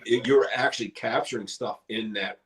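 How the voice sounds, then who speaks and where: A middle-aged man, a paranormal investigator, telling a story casually in a live interview, animated and swearing freely. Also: medium pitch, moderate pace, rough recording. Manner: animated, swears casually, acts out quoted dialogue.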